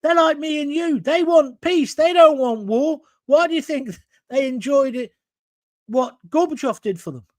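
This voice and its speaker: A man's voice: extremely high pitch, unhurried, no echo. A man hosting a live talk show, reading out viewer comments in a blunt, combative, rambling way from a green screen studio.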